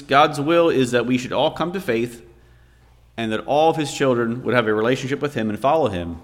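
Male preacher, mid-pitched, storytelling sermon delivery, long reverb of a church hall. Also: a bit bright. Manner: storytelling, vividly recounting a scene.

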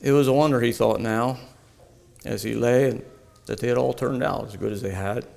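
A man reading a devotional story aloud in a slow, earnest storytelling manner. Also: mid-range voice, steady tone, creaky, a little mellow. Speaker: narrator. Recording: long hall reverb.

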